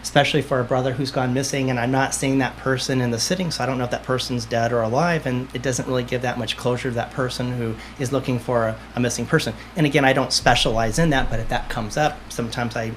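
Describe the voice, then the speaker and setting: A man's voice: medium pitch, quick pace, hardly any pauses, a little hiss or hum. A man, a medium, chatting as a podcast guest and telling stories with acted-out dialogue. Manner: lively storyteller, acts out dialogue. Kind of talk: casual interview chat.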